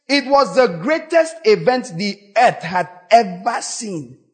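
A man preaching a sermon in a dramatic, animated way, acting out quoted voices and breaking into sudden shouts. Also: high-pitched, moderate pace.

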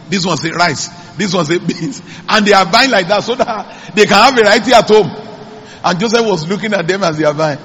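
A man's voice: high-pitched, fairly bright tone, husky. A man, preaching a sermon as pastor and calling out to the congregation. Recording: echoey church hall.

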